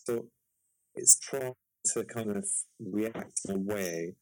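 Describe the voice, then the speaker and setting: A man's voice: fairly low pitch, takes it slowly, warm tone, no echo, poor audio. Hesitant man on a call. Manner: rambling, hesitant, many fillers. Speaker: podcast co-host. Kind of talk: casual podcast chat.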